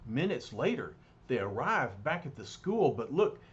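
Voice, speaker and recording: A man reading a comic book aloud in a hesitant way, with fillers and restarts. His pitch rises and falls, and he reads slowly. The recording is a little dull, with faint noise behind him. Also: big pitch swings. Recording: slightly dull, lightly noisy recording.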